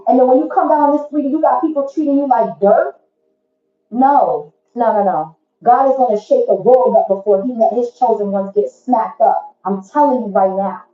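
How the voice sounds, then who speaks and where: A woman's voice: on the high side, normal speed, roomy sound, dull audio. A woman giving a casual tarot reading to viewers, blunt, profane and preachy in an emphatic way. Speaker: tarot reader.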